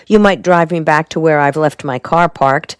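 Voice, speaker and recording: Man reading as a calm, shrewd defense lawyer in an audiobook, low and measured. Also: clear, resonant tone, dry recording, clean studio sound, close to an everyday voice.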